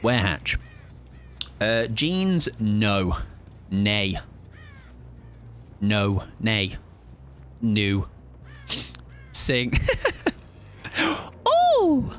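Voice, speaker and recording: Playful streamer with a lively voice. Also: male voice, lowish voice, drawn-out words, long pauses, a little hiss or hum. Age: late 20s. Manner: playful, argumentative, repeats words to test them. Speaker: game streamer. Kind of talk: casual live-stream chat.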